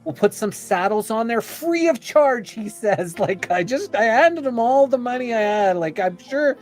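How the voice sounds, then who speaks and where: A man's voice: very high voice, animated, moderate pace, a little mellow, soft background music. A man on a podcast telling a long personal story in a chatty, rambling way, full of "you know" and "like," acting out what people said. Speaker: podcast guest.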